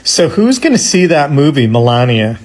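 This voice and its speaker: A man's voice: fairly high pitch, sing-song, normal speed, a little mellow. A man giving reaction commentary in an incredulous, scoffing tone.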